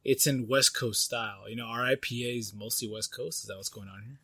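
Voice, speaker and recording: Husky-voiced man teasing his co-host. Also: medium pitch, steady tone, brisk, sharp tone, no echo. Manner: easygoing, teasing. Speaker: podcast co-host. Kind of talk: casual beer-tasting chat.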